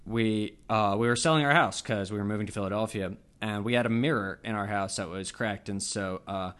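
Bright-voiced man telling a rambling story. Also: on the low side, fairly quick, clean tone. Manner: rambling, self-interrupting with many uhs and laughs. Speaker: podcast co-host. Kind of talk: casual chat, storytelling.

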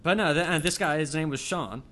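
This podcast co-host has a brisk, sharp-toned voice on the high side. His storytelling wanders and stalls, peppered with uhs, laughs, and repeated restarts.

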